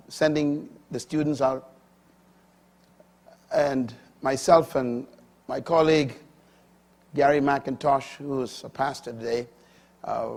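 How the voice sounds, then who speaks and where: A middle-aged man with a medium-pitched voice preaches, moving from quiet asides to loud, emphatic climbs that erupt into shouts on the key points.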